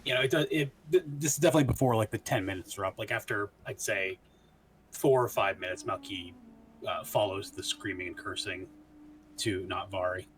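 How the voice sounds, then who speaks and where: A man's voice: fairly low pitch, brisk, a bit bright, slight background noise. A man playing a tabletop game, describing his character's actions in a hesitant way, full of fillers. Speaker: player.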